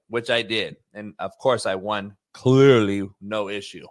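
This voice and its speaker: A young man hosting a casual sports podcast, profane and animated, acting out scenes as he talks. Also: lowish voice, a little slow, hardly any pauses, no echo, studio quality. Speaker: podcast host. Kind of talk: casual comedic sports talk.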